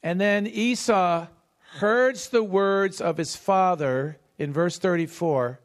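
High-voiced, slow, animated male preacher. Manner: animated, calls to the congregation with questions; acts out the voices in the story. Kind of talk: sermon teaching from scripture.

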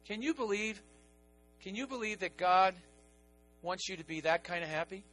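A middle-aged man preaching a sermon as pastor, animated, moving from quiet asides to excited emphasis. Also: sits high, normal speed, faint music behind.

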